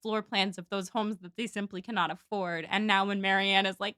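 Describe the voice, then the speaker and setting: A woman's voice: mid-range voice, steady tone, a little fast, sharp tone, smooth, no echo, clean studio sound. A woman co-hosting a podcast in casual chat, animatedly acting out characters as she retells scenes. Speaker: podcast co-host.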